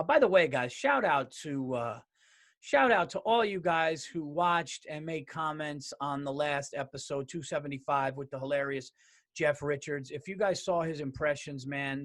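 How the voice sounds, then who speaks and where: A man's voice: fairly high pitch, a bit bright. A man hosting his own podcast solo, ranting in a blunt, profane, fired-up way. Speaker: podcast host.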